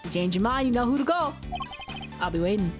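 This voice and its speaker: A woman voicing a gruff, easygoing middle-aged male defense attorney, reading video game dialogue aloud in a low, drawling put-on voice. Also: lively intonation, brisk, over music, close to an everyday voice. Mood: friendly.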